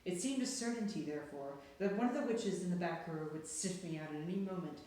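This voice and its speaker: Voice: mid-range voice, fairly quick, heavy reverb. A reader narrating a storybook aloud in a dramatic, suspenseful way. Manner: dramatic, hushed and then rising with suspense.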